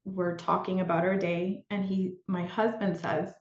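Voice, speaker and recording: A woman's voice: on the low side, little pitch movement, a little slow. Woman telling her story in a roomy space. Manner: candid and reflective, with fillers and restarts. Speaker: podcast guest. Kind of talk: personal storytelling in conversation. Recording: roomy, dull lo-fi sound.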